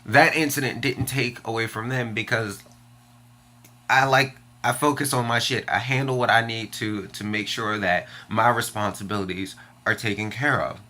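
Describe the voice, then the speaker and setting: A man's voice: fairly low pitch, steady tone, normal speed, sharp tone. A young man ranting bluntly and angrily in a personal vlog, swearing often as he vents his frustration. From Washington, D.C. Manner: profane and frustrated, venting bluntly. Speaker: vlogger. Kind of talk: angry personal vlog rant.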